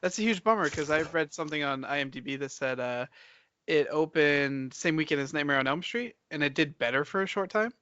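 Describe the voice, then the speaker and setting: Bright-voiced man in casual podcast chat. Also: a little high, expressive, a little fast, smooth, no echo. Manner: hesitant, easygoing agreement. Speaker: podcast co-host. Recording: dull lo-fi sound, dry.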